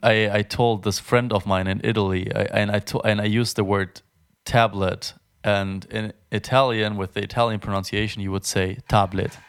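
Smooth-voiced young man chatting on a podcast. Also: fairly low pitch, fairly even intonation. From Germany. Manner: chatty, fast-talking, many fillers and restarts. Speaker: podcast co-host. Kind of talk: casual podcast chat.

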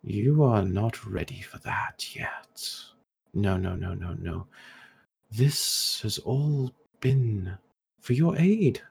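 A man voicing a scheming figure who speaks into a hero's mind, smug, patronizing and softly menacing. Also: lowish voice, lively intonation, slow pace, creaky, a little hiss or hum, exaggerated voice.

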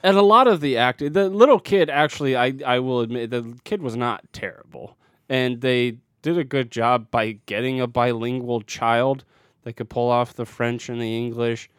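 A man's voice: medium pitch, moderate pace, fairly bright tone, clean tone, no room sound, clean studio sound. A man co-hosting a casual movie review podcast, opinionated and often restarting his sentences. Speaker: podcast co-host.

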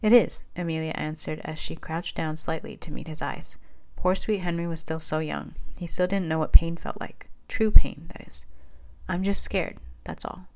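A woman with a deep, low voice reads a fan story aloud as storybook narration. Her delivery is steady and plain, one voice carrying the whole tale. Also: normal speed. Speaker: fanfiction reader.

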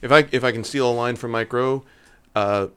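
Smooth-voiced joking male co-host. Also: medium pitch, fairly bright tone. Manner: joking, quick asides, chuckles. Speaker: podcast co-host. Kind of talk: casual chat.

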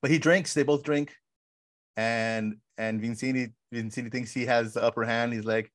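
A man co-hosting a podcast, casually retelling film scenes with lively quoted lines and frequent "bro". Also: medium pitch, normal speed, no echo, studio quality. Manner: animated storyteller, says "bro" often. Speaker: podcast co-host.

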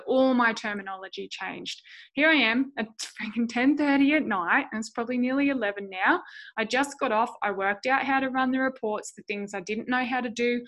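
A middle-aged woman hosts her own podcast, speaking candidly in a chatty, self-deprecating monologue. Her voice sits a little high. She sounds like she is talking through her own business worries. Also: fairly quick, a bit bright. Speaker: podcast host. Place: home.

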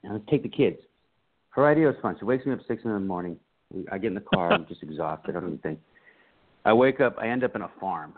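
An animated man tells stories in a casual interview and slips into voices for the people he quotes. His voice sits low and sounds husky. The sound is thin and narrow, like a phone call. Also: fast. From United States. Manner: animated storyteller acting out quotes. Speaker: guest, comedian and writer. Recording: phone-like line.

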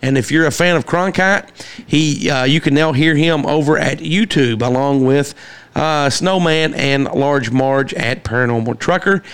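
A man hosting a casual podcast, chatting loosely and reading shout-outs with frequent fillers and restarts. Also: medium pitch, clear, resonant tone. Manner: rambling with many fillers and restarts. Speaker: podcast host.

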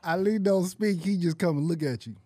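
A man hosting a casual podcast who laughs often and talks fast when he gets excited. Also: sits high, no echo. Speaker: podcast host.

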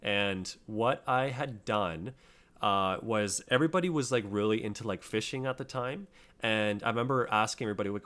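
A man's voice: on the low side, normal speed, fairly bright tone. A young man co-hosting a podcast, chatting casually and telling a rambling story full of fillers. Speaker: podcast co-host.

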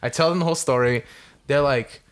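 A young man casually telling a story on a podcast, animated and swearing a lot, acting out what people said. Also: medium pitch, quick pace. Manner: animated, heavy swearing, acts out quotes. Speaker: podcast co-host.

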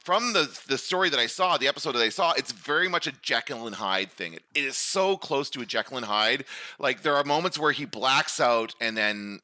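A man co-hosting a casual chat, talking in a rambling, animated way and laughing often. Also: medium pitch, no echo. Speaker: podcast co-host.

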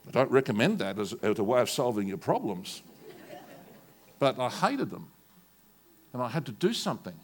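A man's voice: mid-range voice, big pitch swings, normal speed, pauses often, slight background noise. An older man with an Australian accent, a pastor preaching a sermon and telling stories from his own life. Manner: storytelling, rising to forceful preaching.

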